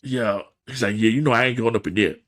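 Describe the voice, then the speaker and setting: Fast and mid-range, a man's voice carries a casual podcast recap of a TV episode. He's lively, leaping between different voices to perform the characters' dialogue.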